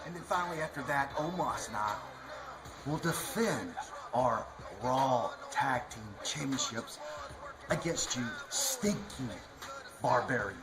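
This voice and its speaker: A man's voice: medium pitch, lively intonation, unhurried, over music. A man cutting a boastful, mocking wrestling promo with laughter in his voice.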